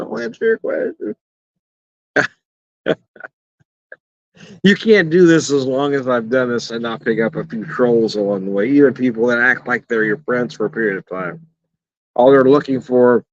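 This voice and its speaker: A man's voice: medium pitch, normal speed. A middle-aged man reviewing beer in a casual rambling vlog, blunt and profane, chuckling often, talking outdoors in the evening. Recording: dull, slightly lo-fi and dry.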